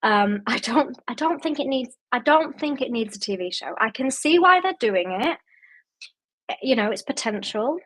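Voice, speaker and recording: A young woman from Yorkshire chats about books on a livestream, reading viewers' comments and responding in a loose, rambling manner with frequent "like" and "um." She is a booktube host, and her slightly high voice moves at a normal speed.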